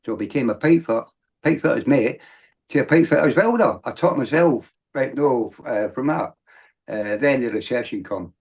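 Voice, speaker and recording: A middle-aged man with a gravelly, fry-heavy voice. He tells his story as a guest in loose, rambling sentences, restarting often and then rising into emphatic bursts. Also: mid-range voice, animated, normal speed, a little mellow. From Britain. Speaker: podcast guest. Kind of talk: candid storytelling.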